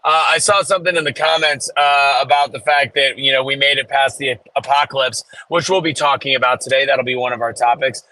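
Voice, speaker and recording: A man's voice: medium pitch, steady tone, brisk, hardly any pauses, bright, forceful tone, no room sound. A man co-hosting a podcast in casual chat, hesitant and often restarting sentences. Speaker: podcast co-host.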